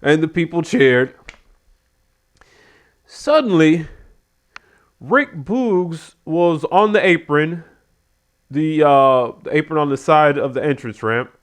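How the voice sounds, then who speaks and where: A man's voice: a little high, slow pace, pauses often. A man giving a casual spoken review of a wrestling show, animatedly retelling what happened. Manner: animated retelling, acts out quotes.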